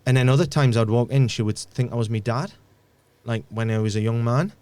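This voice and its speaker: A man, a podcast guest, telling a painful personal story in a halting way, often repeating words and dropping almost to a murmur. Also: mid-range voice, darkish tone, smooth, dry recording.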